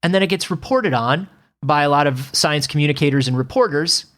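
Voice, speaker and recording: A man's voice: on the high side, fairly quick, a bit bright. A man co-hosting a podcast in casual comedic chat, sarcastic and swearing casually. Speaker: podcast co-host.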